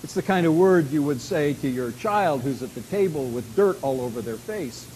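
A male preacher with a fairly high voice, delivering an expository sermon. He speaks emphatically and swings between hushed, quiet passages and loud, forceful stretches. A faint hiss sits under the voice. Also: lively intonation, normal speed, rough recording. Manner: emphatic, with dramatic swings in loudness.

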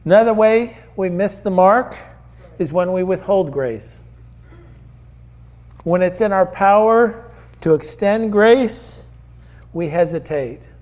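A man preaching a sermon in a high voice and at an unhurried pace. He talks earnestly and conversationally, telling stories as he goes. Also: animated, a little mellow.

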